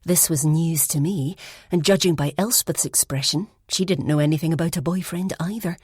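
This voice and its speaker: Husky, low-voiced woman narrator. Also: darkish tone, dry recording, studio quality. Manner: measured storytelling. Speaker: audiobook narrator. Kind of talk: scripted first-person narration.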